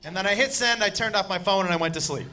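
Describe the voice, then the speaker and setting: A man's voice: high-pitched, fast talker, background noise. A male stand-up comedian telling a story on a club stage, with a brash, profane and punchy delivery. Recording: live club set with audience laughter.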